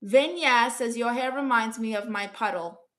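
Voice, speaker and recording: A woman with a New York accent, her voice bright and forceful and pitched a little high. She chats on a live stream, reading out viewers' comments and answering each one in a playful auntie manner, calling people honey. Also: moderate pace. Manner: chatty, calls viewers honey, playful aunt persona. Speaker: live streamer giving advice.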